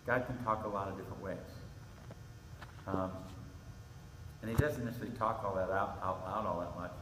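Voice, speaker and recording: A middle-aged man preaching to a youth group, telling a story with animated, acted-out quotes. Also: lowish voice, brisk, far from the mic, slight background noise. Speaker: pastor. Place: church hall. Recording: echoey hall with faint ambience.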